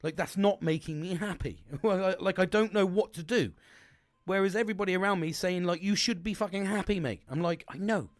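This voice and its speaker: A man's voice: high-pitched, fairly quick, no echo, studio quality. A young man, talking in a rambling, sweary, casual monologue full of restarts. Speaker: podcast host.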